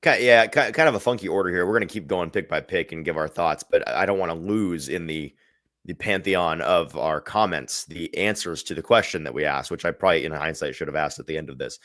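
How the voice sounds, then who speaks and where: A man's voice: deep voice, a little fast, fairly bright tone, dry recording, studio quality. A man hosting a sports podcast, talking through football analysis in a thoughtful, rambling way with frequent restarts.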